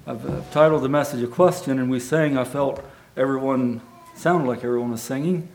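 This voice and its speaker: A man's voice: medium pitch, brisk, darkish tone. A man who reads a children's story aloud and then preaches a sermon, in an earnest manner with frequent restarts.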